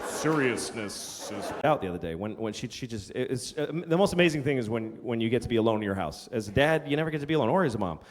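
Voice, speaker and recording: A middle-aged man doing a stand-up comedy set, ranting and profane, now and then shouting in put-on voices. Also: mid-range voice, expressive, rapid-fire, few pauses. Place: comedy stage before a live audience. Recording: live hall with long reverb, faint crowd.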